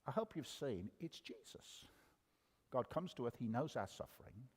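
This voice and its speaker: A man's voice: mid-range voice, very animated, normal speed, a little mellow, breathy edge, in a large hall. An older man giving a conversational sermon with humor, asking the audience questions as he preaches. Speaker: guest preacher. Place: church hall.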